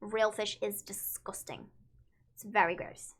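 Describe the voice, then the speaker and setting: Young woman, bright and blunt. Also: medium pitch, steady tone, measured pace. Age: young adult. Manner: blunt, emphatic, repeats herself. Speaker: co-host. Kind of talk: casual live-stream chat.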